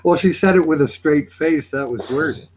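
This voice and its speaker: A man's voice: a little high, normal speed, a little mellow, a little hiss or hum, low-quality recording. A man from Lancashire with a Lancashire accent, chatting casually and telling laid-back anecdotes. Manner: laid-back storytelling, laughs along. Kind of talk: casual chat with banter.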